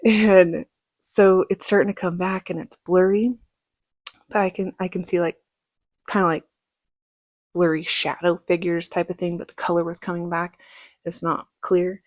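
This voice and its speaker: A woman vlogger telling a personal story casually, acting out quoted lines in a higher, louder voice. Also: no room sound, clean studio sound. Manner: casual, many fillers like "like".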